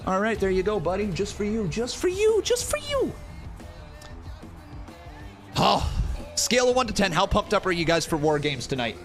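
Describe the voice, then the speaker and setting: A young man hosting a live watch-along stream, loudly hyping up his chat with shouts and chants. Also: high voice, vocal fry. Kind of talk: hyped watch-along commentary. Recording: music under the voice. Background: music playing.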